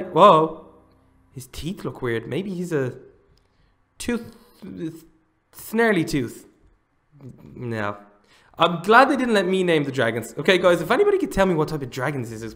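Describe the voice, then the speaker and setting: An excitable man talks through a role-play game, his somewhat high voice bouncing up and down as he chats to viewers. He drops to hushed asides, then bursts into loud exclamations, with soft music running underneath. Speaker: gaming channel host.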